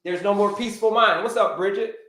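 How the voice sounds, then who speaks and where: A man's voice: sits high, brisk, sharp tone, roomy sound. A man hosting a livestream health lesson. He teaches with energy, repeats his key points and greets viewers by name. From United States. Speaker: health coach, livestream host. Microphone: livestream setup.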